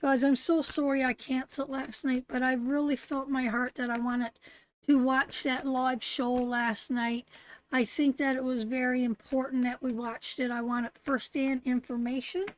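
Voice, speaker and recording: A woman's voice: high-pitched, flat delivery, normal speed, a little hiss or hum, rough recording. A woman with a Canadian accent reading tarot on a live stream, affectionate and emphatic, calling viewers darling and sweetheart and repeating her phrases. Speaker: tarot reader.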